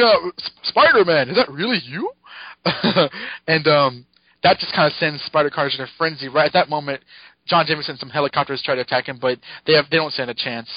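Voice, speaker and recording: A man co-hosting a podcast, recapping a comic in casual chat, excited, laughing often and acting out the characters' lines. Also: on the high side, no room sound. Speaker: podcast co-host. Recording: dull lo-fi podcast mic.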